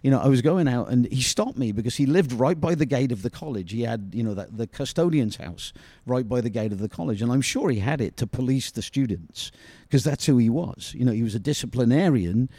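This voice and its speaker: An animated, mellow, medium-pitched voice comes from a middle-aged Briton who used to play soccer. As a guest in a storytelling interview he rambles through long anecdotes, dropping "you know" into every pause, in a dry recording.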